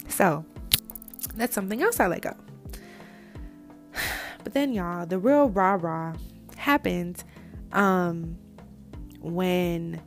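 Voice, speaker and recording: A young woman telling a story in a casual, candid way, with blunt slang, talking straight to her listeners. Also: on the low side. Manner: animated and candid, addresses listeners as "y'all"; blunt slang-heavy speech.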